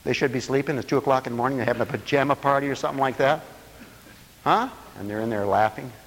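A man preaching a lively sermon, breaking into laughter and playful asides. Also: fast talker, big-room sound. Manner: animated, swooping pitch, laughing asides.

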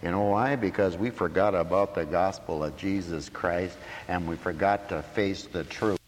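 A man preaching a sermon emphatically, dropping to quiet asides and rising to shouts. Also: low voice, normal speed, a little hiss or hum. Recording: echoey hall.

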